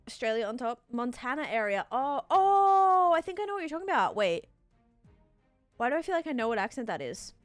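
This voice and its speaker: Chatty woman livestreamer, faint music behind. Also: mid-range voice. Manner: chatty, heavy use of "like", bursts of excited thanks. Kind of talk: casual chat while playing, answering viewers.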